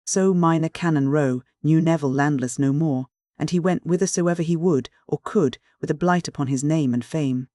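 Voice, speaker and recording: A man reading an audiobook in measured, even storytelling. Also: a little high, no echo, clean studio sound. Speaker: audiobook narrator. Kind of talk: scripted audiobook narration.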